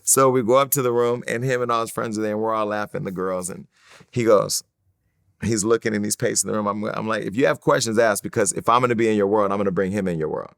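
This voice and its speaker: Lively, low-voiced man telling a story. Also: fast, gravelly, smooth, dry recording, clean studio sound. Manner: animated storyteller, swears freely, acts out quoted voices. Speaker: interview guest. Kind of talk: storytelling in an interview.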